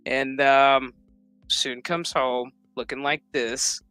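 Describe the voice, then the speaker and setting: A man's voice: medium pitch, steady tone, slow pace, sharp tone, clean tone, dry recording, faint music behind. A man casually recapping a TV episode, rambling and swearing while acting out what the characters say. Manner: profane, rambling retelling that acts out quotes. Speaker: show recap vlogger.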